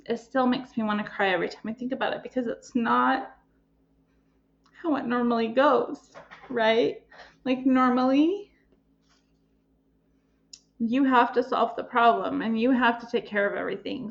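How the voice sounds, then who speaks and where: A woman hosting her own podcast, telling a personal story with emotion and plenty of pauses and ums. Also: on the high side, creaky, highs cut off. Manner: emotional, pausing, many ums. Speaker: podcast host and life coach.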